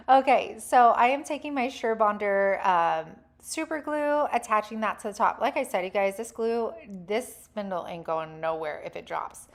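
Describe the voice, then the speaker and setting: A woman's voice: mid-range voice, expressive, normal speed. Chatty woman narrating a craft tutorial. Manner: chatty and enthusiastic, addresses viewers as "you guys". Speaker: DIY crafts channel host. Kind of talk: casual tutorial voice-over.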